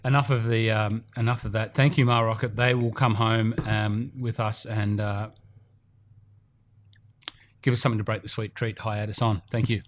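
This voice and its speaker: A man's voice: on the low side, flat delivery, moderate pace, slight background noise. A man hosting a casual podcast in an indoor golf studio, chatty and rambling with fillers. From Australia. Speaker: podcast host.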